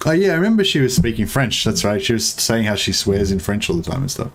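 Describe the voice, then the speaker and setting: A man's voice: fairly low pitch, very animated, quick pace. A young man casually commentating a strategy game as he plays, rambling, joking with his viewers and swearing now and then. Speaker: gaming streamer. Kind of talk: casual let's-play commentary.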